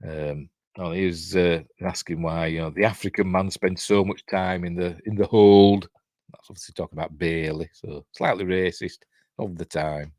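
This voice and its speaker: Low-voiced Yorkshire man rambling casually. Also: little pitch movement, moderate pace, darkish tone, dry recording. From Yorkshire, England. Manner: rambling, filler-heavy, chatty asides. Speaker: film review host. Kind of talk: casual film commentary over playback.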